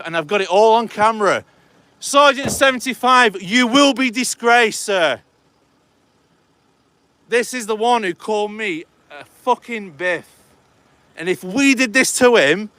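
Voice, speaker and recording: Man, fairly high voice, argumentative, repetitive, phone filming outdoors by a station. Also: a bit bright, poor audio. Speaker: street filmer live-streaming police. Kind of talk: confrontational street filming. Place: outdoors on a town street by a railway station.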